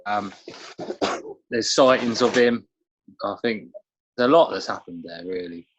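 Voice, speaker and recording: A man on a podcast, recounting a theory in a halting, hesitant way. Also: lowish voice, a little hiss or hum. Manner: hesitant, halting, many restarts. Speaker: podcast co-host. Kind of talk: casual conversation. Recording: dull dry lo-fi sound.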